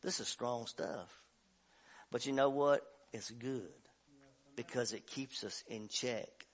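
A man preaching a sermon as pastor, telling a story in a folksy way and building to loud shouts. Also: mid-range voice, slow pace. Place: church sanctuary.

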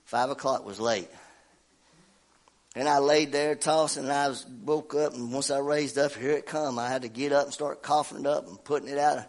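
A middle-aged man, preaching and telling a homey story in a folksy, animated way, his voice congested from a cold. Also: mid-range voice, moderate pace. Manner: folksy, animated, laughs at himself. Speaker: pastor. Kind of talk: sermon with personal story.

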